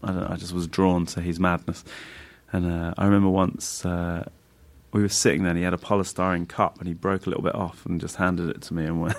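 A comedian guest with a lowish voice tells lively anecdotes fairly quickly in casual chat, laughing often and mimicking other people's voices.

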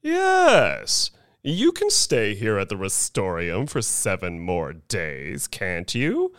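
A man voicing a smooth-talking, oily male showman in an audio story, coaxing in a soothing salesman's patter. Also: lowish voice, huge pitch swings, slow pace, a bit bright, no room sound, studio quality, full character voice.

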